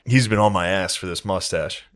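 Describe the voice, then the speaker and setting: A man's voice: deep voice, moderate pace, background noise. A young man telling funny family stories on a podcast, swearing freely and laughing through them. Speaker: podcast host. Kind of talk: casual comedic storytelling.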